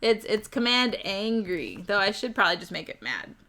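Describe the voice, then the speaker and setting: A woman's voice: medium pitch, very animated, normal speed, bright, forceful tone. A woman hosting a live stream, chatting casually with viewers, giggling often and stumbling over words. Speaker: livestream host.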